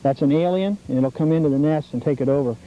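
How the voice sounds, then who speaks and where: Talking fast in a fairly high voice, this middle-aged TV host guides scouts on a nature walk at a birdhouse trail, teaching them with eager enthusiasm. It's recorded outdoors, with the dull, faintly noisy quality of 1990s public access television.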